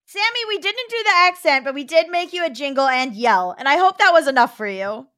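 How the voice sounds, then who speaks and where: A woman co-hosting a podcast, reading a listener's letter aloud in a steady voice and chatting casually, laughing now and then. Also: sits high, brisk, dry recording, studio quality. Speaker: podcast co-host.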